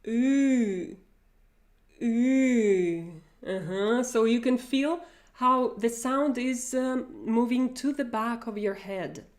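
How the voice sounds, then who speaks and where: Woman teacher, measured slow delivery, demonstrates sounds for repetition. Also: a little high. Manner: demonstrates sounds, repeats and exaggerates them. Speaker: Russian pronunciation teacher. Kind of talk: online pronunciation lesson.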